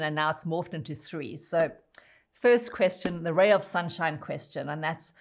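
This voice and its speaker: A woman podcast host asking friendly, set closing questions in an interview. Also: lowish voice.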